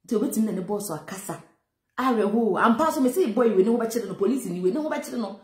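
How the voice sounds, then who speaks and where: A woman's voice: on the high side, lively intonation, fast talker, darkish tone, roomy sound. A Ghanaian woman giving emphatic, mocking commentary on a viral clip, mixing Twi and English. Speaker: social commentator.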